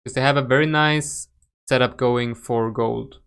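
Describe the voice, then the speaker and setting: A young man with a Swedish accent, hosting a live crypto chart session in a loose, chatty way. His voice is smooth and clear at a middle pitch. He restarts sentences often and throws in plenty of fillers as he reacts to viewers. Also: steady tone, measured pace, a bit bright. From Sweden. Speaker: crypto trading livestream host. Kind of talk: casual live chart analysis.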